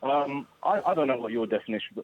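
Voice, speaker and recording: A man's voice: medium pitch, lively intonation, fast, a crowd in the background. A man calling into a radio phone-in, answering defensively and hesitantly, stumbling over his words. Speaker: caller. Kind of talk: talk radio phone-in call. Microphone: telephone. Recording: tinny phone line.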